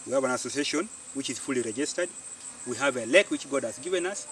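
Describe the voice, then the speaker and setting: A Ugandan man, a farmer and community organiser, telling his story in an animated way and repeating phrases for emphasis, recorded outdoors. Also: medium pitch, fast talker, slight background noise. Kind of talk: storytelling interview. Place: outdoors on a farm. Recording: distant mic outdoors, faint insects.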